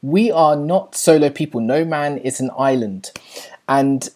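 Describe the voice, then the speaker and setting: A woman leading a church teaching session, earnest and encouraging, pausing on fillers and correcting herself as she goes. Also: low voice, dark tone.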